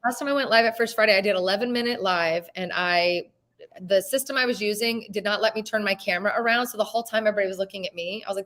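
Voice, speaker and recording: A Las Vegas real estate agent who hosts a real estate show chats casually and emotionally, dropping the occasional swear word. She talks fast in a mid-range, slightly bright voice.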